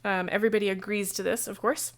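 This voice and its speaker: A woman game master talking casually on a livestream about running a tabletop session, chatty and digressive, with quick asides. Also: medium pitch, flat delivery. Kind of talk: casual how-to talk on a livestream.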